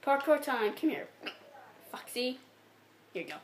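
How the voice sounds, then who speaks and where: A woman's voice: high voice, very animated, measured pace. A woman giggling through hiccups as she rambles over casual gameplay commentary to her viewers. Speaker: gameplay channel host. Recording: echoey room, faint background noise.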